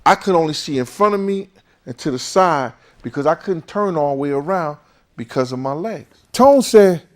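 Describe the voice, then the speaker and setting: A high-voiced man hosting a show spins a long, casual tale, his pitch swinging widely throughout. He swears freely and performs the other characters' lines himself, sounding expressive at a moderate pace.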